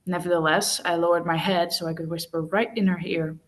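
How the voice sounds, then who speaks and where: A woman's voice: on the low side, steady tone, brisk, hardly any pauses. A woman hosting a casual read-along, reading a romance novel aloud and often stumbling and correcting herself. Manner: stumbles and self-corrects, laughs at slips.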